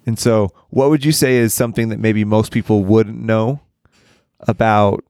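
Man, lowish voice, dry sound, measured questions, searches for words, podcast host. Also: fairly even intonation, a little mellow, clear, resonant tone, no echo. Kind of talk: casual podcast interview.

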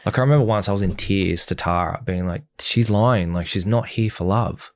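A man's voice: deep voice, brisk, dry recording. A young man in a candid interview, speaking bluntly and acting out the things people said to him. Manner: blunt and animated, acting out quoted dialogue. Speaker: interview guest.

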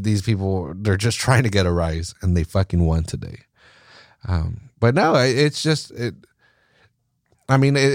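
A man's voice: on the low side, no echo, clean studio sound. A man hosting a soccer podcast, ranting casually with lots of swearing and false starts. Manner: profane, ranting, with many restarts. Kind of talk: casual sports talk.

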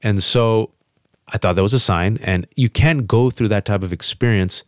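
A man as an interview guest, telling a personal story with emphatic, quick restarts. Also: fairly low pitch, no room sound, studio quality. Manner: emphatic, fast restarts, animated quotes. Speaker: guest on a podcast.

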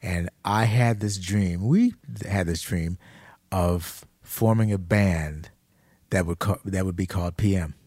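A man in his sixties, a guest songwriter, telling stories in a casual chat, halting and repeating himself as he reminisces. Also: sits low, dry recording, clean studio sound. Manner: halting and repetitive, drops softer and slower when reminiscing.

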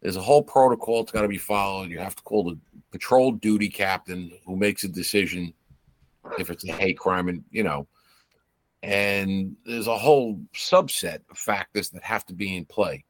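A man's voice: deep voice, normal speed, no room sound. A man, a former police officer, telling anecdotes in casual podcast chat and acting out the quoted dialogue. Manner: storyteller who acts out quoted dialogue. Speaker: retired police officer guest.

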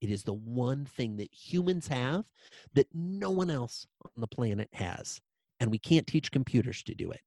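A man's voice: medium pitch, big pitch swings, moderate pace, darkish tone, dry recording. A man speaking as a guest in an interview, telling a story with emphasis and repeating short lines for weight.

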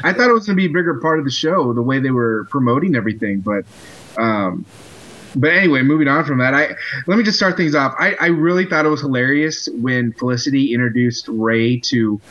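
A man hosting a casual chat podcast, halting and filled with pauses as he talks. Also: mid-range voice, a bit bright, highs cut off. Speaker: podcast host. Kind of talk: casual chat about TV episodes.

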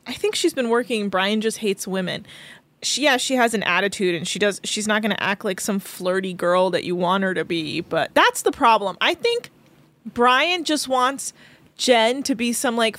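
A woman's voice: mid-range voice, fairly bright tone. A woman co-hosting a podcast in casual recap chat, chatty, laughing often and saying "like" a lot. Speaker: podcast co-host.

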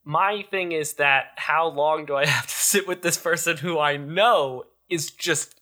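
A man's voice: fairly high pitch, unhurried, sharp tone. A man co-hosting a comedy podcast, riffing jokes and playful complaints in a casual chat. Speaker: podcast co-host.

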